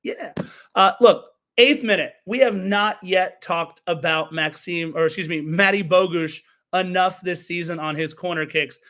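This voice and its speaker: A fairly high-pitched man hosting a soccer podcast, talking through a match recap with eager energy. He breaks off to correct himself and answer live chat. His delivery is casual and animated. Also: unhurried. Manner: enthusiastic, self-correcting, chatty asides to chat and co-hosts. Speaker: podcast host.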